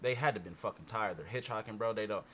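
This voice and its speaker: A man's voice: lowish voice, fast, fairly bright tone. A man chatting casually, rambling and swearing as he works things out aloud. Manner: rambling, profane, thinks aloud. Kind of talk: casual chat.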